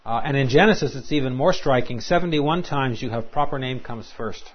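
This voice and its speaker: A man's voice: mid-range voice, a little fast. A man lecturing a class on scripture, asking rhetorical questions and quoting verses with emphasis. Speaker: Bible teacher. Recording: dull lo-fi recording.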